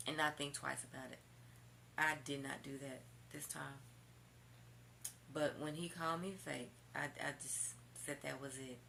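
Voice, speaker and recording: Sassy gravelly woman vlogger telling a story. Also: deep voice, slight background noise. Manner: candid, animated and sassy, addresses viewers as y'all, swears. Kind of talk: storytime vlog.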